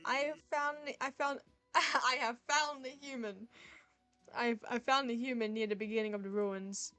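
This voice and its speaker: A woman's voice: a little high, fairly even intonation, normal speed, bright, forceful tone, no room sound. A woman voicing a laid-back male skeleton from a game, speaking in a casual, offhand way.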